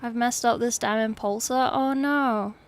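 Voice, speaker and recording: A woman's voice: on the high side, fairly even intonation, measured pace. Wry chatty English streamer woman. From England. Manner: chatty, wry, talks to chat while working. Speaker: streamer painting miniatures. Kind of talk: casual livestream chat. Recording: faint music behind.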